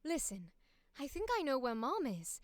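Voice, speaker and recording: Actress as a heroic young swordswoman, high-pitched posh British voice, dry close read. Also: big pitch swings, normal speed, no echo. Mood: tender. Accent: put-on posh British. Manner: earnest, emotional line reads. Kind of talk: voice audition read.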